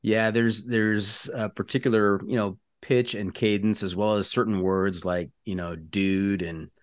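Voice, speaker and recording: A man's voice: lowish voice, fairly even intonation, a little slow, dry recording, clean studio sound. A middle-aged man from Southern California, hosting a podcast and asking easygoing, conversational questions. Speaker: podcast host. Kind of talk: casual interview.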